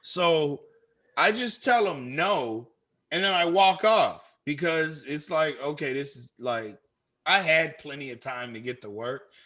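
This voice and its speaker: Bright-voiced Chicago man ranting. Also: a little high, unhurried. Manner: animated, profane, acts out quoted lines. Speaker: podcast co-host. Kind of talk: casual storytelling chat.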